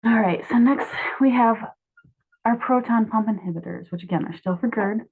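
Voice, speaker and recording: A woman's voice: on the high side, normal speed, husky. A young woman in her twenties walks through her own drug mnemonic drawings in a chatty, offhand way, correcting herself as she goes. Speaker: student explaining drug mnemonics. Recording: tinny phone-like sound.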